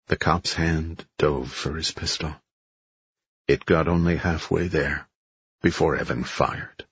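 A man reading a thriller audiobook in a measured, steady way. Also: very deep voice, slightly rough, no echo, dull audio. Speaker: audiobook narrator. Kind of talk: scripted narration.

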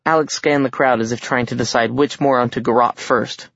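A man's voice: mid-range voice, fairly even intonation, brisk, vocal fry, few pauses, a bit bright, no echo. Wry male audiobook narrator. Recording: dry, dull audiobook recording.

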